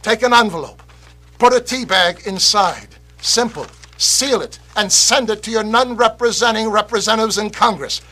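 An actor playing a fiery male patriot orator, delivering an impassioned scripted speech that swings from loud rallying cries to hushed warnings. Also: sits high, normal speed, heavily acted. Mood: rousing. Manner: rousing, declamatory, swings from shouting to hushed. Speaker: actor in a political video.

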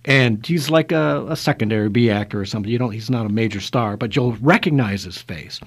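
A man's voice: medium pitch, a little fast. A man hosting a talk radio show, chatting casually and emphatically, often restarting his sentences.

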